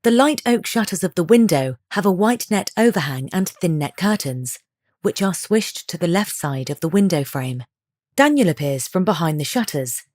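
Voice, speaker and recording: Low-voiced woman reading a story. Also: expressive, normal speed, a little mellow, no echo, clean studio sound. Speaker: narrator.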